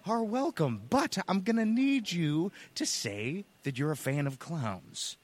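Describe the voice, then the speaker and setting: A man playing a manic clown king wrestler who giggles, shouts and drops into hushed mutters. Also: a little high, lively intonation, measured pace, dry recording. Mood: muttering. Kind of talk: wrestling promo interview.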